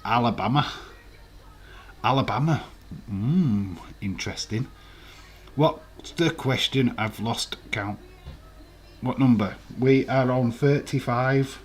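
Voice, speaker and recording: A man's voice: medium pitch, slow, pauses often. Chatty man hosting a quiz stream. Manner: chatty, reads out viewers' answers, swears casually. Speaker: live stream host. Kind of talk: casual quiz live stream, reading chat.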